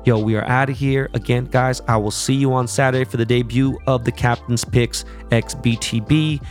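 A man hosting his podcast on his own, talking casually with a lot of swearing and animated, rambling asides. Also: mid-range voice, moderate pace, faint music behind. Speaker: podcast host. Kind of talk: casual solo podcast chat.

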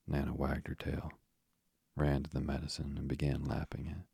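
A man narrates a bedtime story in an extremely deep, flat voice with heavy vocal fry. His tone is breathy and husky, and the recording is close and dry. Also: normal speed, dry recording. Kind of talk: slow soothing sleep-story narration.

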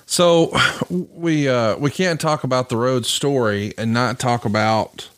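Smooth-voiced male podcast host. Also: mid-range voice, unhurried, no room sound. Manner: brief interjections, steers the conversation. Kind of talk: casual podcast chat.

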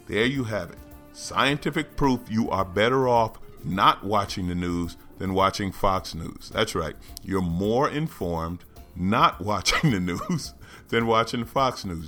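Male podcast host, sarcastic, jokey news commentary, lower voice, faint music behind. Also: animated, takes it slowly, fairly bright tone.

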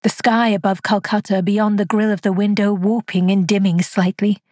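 A frail, frightened old spinster tells of her haunted nights, voiced by a woman reading the story. The voice is husky and hushed, recorded dry and close to the mic, in a mid-range tone. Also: medium pitch, little pitch movement, normal speed, no room sound, natural voice. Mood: uneasy. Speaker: narrator. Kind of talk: scripted first-person narration.

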